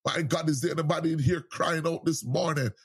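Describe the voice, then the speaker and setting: A man's voice: on the high side, fairly even intonation, a little fast, breathy edge. A man preaching a sermon with fervent, repetitive exhortations and frequent cries of praise.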